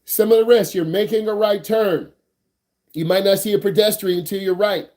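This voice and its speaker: A man's voice: sits high, fairly even intonation, moderate pace, a little mellow. A man teaching an online driving class, hyped and slangy, repeating his questions and joking with students. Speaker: driving instructor.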